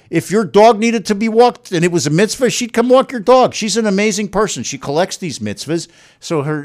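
Effusive middle-aged man, fairly high voice. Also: a little mellow. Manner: emphatic and effusive, repeats himself. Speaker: guest telling his wife's kidney transplant story. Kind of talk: casual emotional storytelling.

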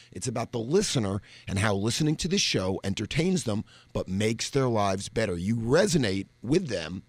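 A man's voice: on the low side, slightly rough, no room sound. A man speaking as a radio guest on branding, explaining in a confident, folksy way into a studio microphone. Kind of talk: casual on-air chat.

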